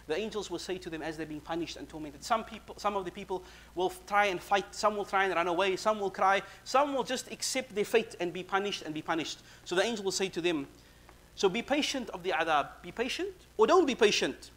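A man giving a sermon, quickly reciting verses and then explaining them in casual, conversational English. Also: high-pitched, a bit bright. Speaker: Islamic preacher.

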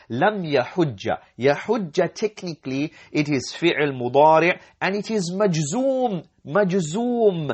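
A man teaching an Arabic lesson, reading each phrase, repeating it and explaining the grammar step by step. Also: medium pitch. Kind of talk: language lesson, reading and translating.

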